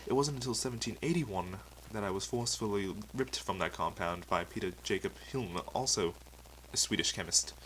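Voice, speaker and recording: A man's voice: lowish voice, brisk, fairly bright tone, a little hiss or hum, close to an everyday voice, rough recording. A man voicing a touchy, boastful metal superhero man with a British accent and a pompous, easily offended manner. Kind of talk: comedy sketch acting.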